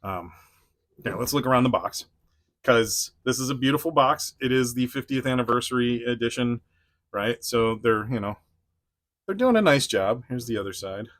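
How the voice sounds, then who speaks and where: A man's voice: medium pitch, normal speed, fairly bright tone. A man hosting a casual toy unboxing review, rambling with frequent chuckles and restarts.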